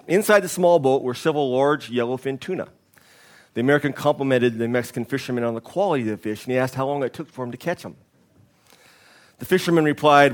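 A man's voice: on the high side, fast talker. A male pastor preaching a sermon, telling a story with candid, humorous asides.

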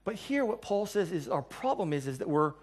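A man's voice: sits high, sing-song, brisk, breathy edge. Emphatic male pastor preaching conversationally. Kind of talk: sermon.

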